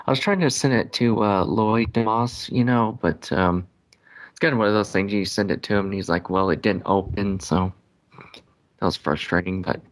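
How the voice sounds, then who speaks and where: Low-voiced male caller, hesitant, full of uhs. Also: moderate pace, poor audio. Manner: hesitant, many fillers. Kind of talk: casual call-in chat.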